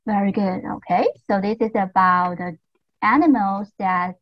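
A woman teaching English to young learners over a video call, speaking slowly and patiently with lots of encouragement and careful repetition. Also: mid-range voice, dull audio, background noise. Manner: patient, slow and encouraging, repeats words carefully. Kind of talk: online class drills.

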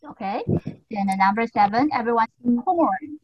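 A woman teaching English to young learners over a video call, speaking slowly and patiently with lots of encouragement and careful repetition. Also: medium pitch, dry recording, highs cut off. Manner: patient, slow and encouraging, repeats words carefully. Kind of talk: online class drills.

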